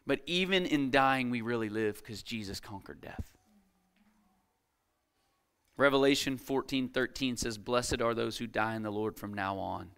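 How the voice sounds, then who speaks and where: A man's voice: mid-range voice, unhurried, vocal fry, a bit bright, clean tone. A man preaching a sermon as a guest speaker, emphatic, repeating key phrases and calling out to the congregation, reading scripture aloud with rising intensity. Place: church service.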